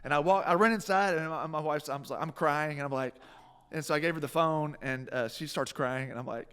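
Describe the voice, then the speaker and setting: A man's voice: on the high side, fairly quick, a bit bright, clean tone. A man, a country singer guesting on a live radio show, telling a story with many restarts and bursts of laughter. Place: live radio stage in a food hall.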